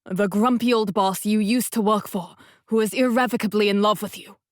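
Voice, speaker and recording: A woman reading the part of a devoted grown man, a once-grumpy boss who now speaks slowly and gently, like a storybook romantic lead. Her voice sits in the middle of a woman's range, close and dry with no room sound around it. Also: medium pitch, fairly even intonation, dry recording, natural voice. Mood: tender. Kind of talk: audiobook dialogue reading.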